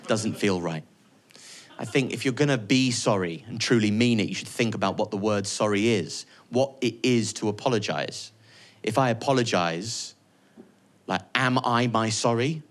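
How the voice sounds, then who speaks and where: A man doing live stand-up on a stage mic, sardonic, swinging from loud mock-boastful ranting to quiet, reflective confession. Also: mid-range voice. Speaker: stand-up comedian. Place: comedy venue stage with live audience.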